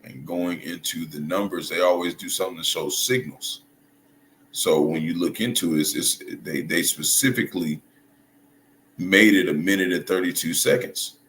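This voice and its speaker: Low-voiced male commentator, stop-start and casual, recorded in a reverberant room with a light noise floor. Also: a bit bright. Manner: halting, restarts and hunts for words, checks in with "right?" and "you see?". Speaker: religious commentator. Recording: echoey room with faint noise.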